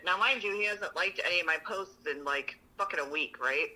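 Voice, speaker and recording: Woman podcast co-host, gossipy and profane storyteller, tense bright tone. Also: lowish voice, moderate pace, rough recording. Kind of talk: casual storytelling chat.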